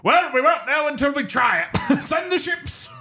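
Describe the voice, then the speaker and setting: A man doing a comic impression of a blustering, cartoonishly eager upper-crust British general, in an exaggerated posh British accent and a high, shouty caricature voice. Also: lively intonation, normal speed, full character voice. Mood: pompous, gung-ho. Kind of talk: comic impression in podcast chat.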